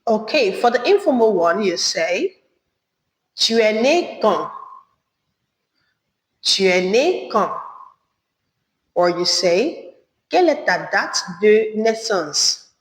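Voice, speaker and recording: A woman teaching a beginner French lesson, saying each phrase slowly and then repeating it. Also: mid-range voice, very animated. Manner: slow, careful repetition of phrases. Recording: echoey room with long reverb.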